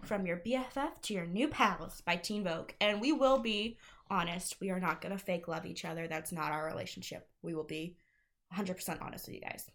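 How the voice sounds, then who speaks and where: A woman's voice: on the low side, fairly quick, fairly bright tone. A young woman co-hosting a casual podcast, chatting and introducing the episode. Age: young adult. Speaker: podcast co-host. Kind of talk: casual chat.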